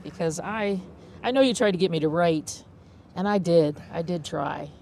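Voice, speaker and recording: A woman's voice: fairly low pitch, moderate pace, vocal fry, darkish tone, a little hiss or hum. A woman, a comedy performer, talking self-deprecatingly in casual chat.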